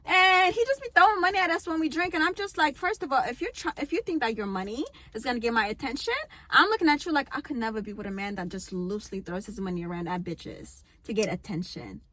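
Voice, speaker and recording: A young adult woman hosting a casual chat, telling stories in an animated, profane way. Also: on the high side, quick pace, few pauses, no echo. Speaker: host.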